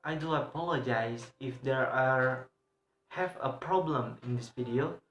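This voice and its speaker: A young man, a student, explaining grammar in a class video, halting with many pauses and fillers and repeating his example words. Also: mid-range voice, a bit bright. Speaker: student presenter. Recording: roomy echo.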